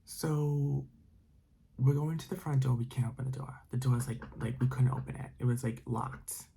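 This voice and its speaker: A man's voice: medium pitch, steady tone, moderate pace, gravelly, mellow, slightly rough. A man telling a spooky story casually, rambling with many fillers and dropping into whispers. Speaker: storytime narrator.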